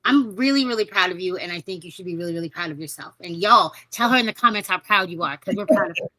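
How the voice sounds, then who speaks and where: A woman's voice: on the low side, lively intonation, fast talker, sharp tone, low-quality recording. A woman in her thirties hosting a podcast, talking casually and effusively with many fillers. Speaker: podcast host. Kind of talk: supportive interview chat.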